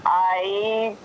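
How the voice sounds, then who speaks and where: A woman's voice: medium pitch, lo-fi sound, background noise. A woman with a New Jersey accent, a guest chatting casually and bluntly, laughing easily. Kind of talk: casual chat.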